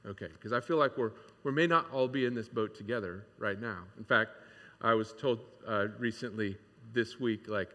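A man's voice: lowish voice, normal speed, pushed and bright. A man preaching a sermon in a candid, conversational way, with many fillers and restarts. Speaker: pastor. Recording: long hall reverb.

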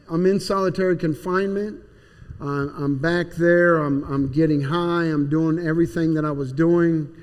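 A man's voice: fairly high pitch, darkish tone. A man plainly and earnestly telling his personal testimony. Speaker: speaker giving personal testimony. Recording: long hall reverb.

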